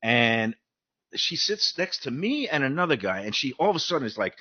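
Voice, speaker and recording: A man with a Brooklyn accent hosting a show, telling stories in a casual, animated, mouthy way. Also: medium pitch, a little fast, husky, no room sound. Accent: Brooklyn New York. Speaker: host. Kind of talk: casual chat. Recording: dull lo-fi sound, dry.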